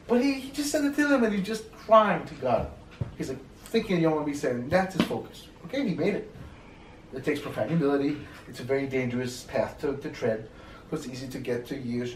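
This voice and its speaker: A man teaching a class, telling stories in a casual, animated way and acting out the people in them. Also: mid-range voice, background noise. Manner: animated, acts out quoted voices in his stories. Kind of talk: casual storytelling lecture. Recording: echoey room, mic at a distance, faint ambience.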